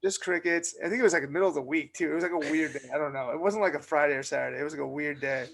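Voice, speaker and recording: A man's voice: fairly high pitch, racing, creaky, fairly bright tone. A young adult man, co-hosting a podcast and telling a long story in a chatty, filler-heavy way. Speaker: podcast co-host. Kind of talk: casual storytelling chat.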